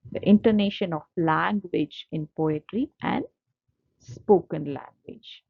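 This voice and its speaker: Lady teaching off slides, slow, dull muffled audio. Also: on the low side, gravelly, dry recording. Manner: repetitive, patient explaining with frequent fillers. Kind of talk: explaining slides in a lecture.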